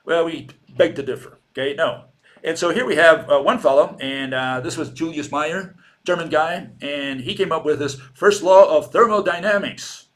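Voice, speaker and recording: A man's voice: fairly high pitch, normal speed, fairly bright tone. A man with a Latin American Spanish accent giving an informal lecture, sardonic and argumentative, firing off rhetorical questions and mocking the people he quotes.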